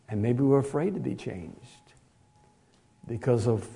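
A man preaching a conversational sermon, moving from hushed asides to loud emphatic lines and chuckling at himself. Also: mid-range voice, big pitch swings, normal speed, gravelly, long pauses.

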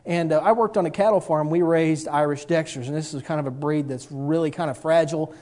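A man's voice: a little high, a little fast, warm tone. A middle-aged man, telling a folksy, self-mocking personal story with a moral.

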